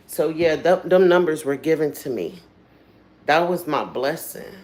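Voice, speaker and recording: A woman's voice: deep voice, moderate pace, a little mellow, a little hiss or hum. A woman hosting a livestream, telling stories in a candid, earthy way with frequent swearing and trailing asides. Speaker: livestream host. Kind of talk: casual storytelling chat.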